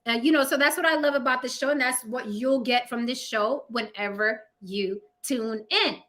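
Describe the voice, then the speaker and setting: A woman's voice: fairly high pitch, moderate pace, a bit bright. A woman with a New York accent hosting a casual livestream chat, blunt, sassy and full of profanity. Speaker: host.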